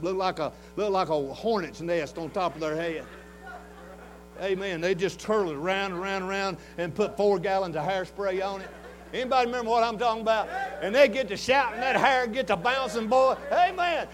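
Man, 60s, Southern US accent, very high pitch, revival preacher, folksy, fervent, hushed to shouting. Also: low-quality recording. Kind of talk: revival sermon.

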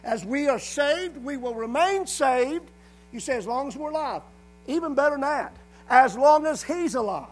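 A man preaching a sermon, reading scripture slowly and with emphasis. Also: very high-pitched, lively intonation, soft background music, poor audio.

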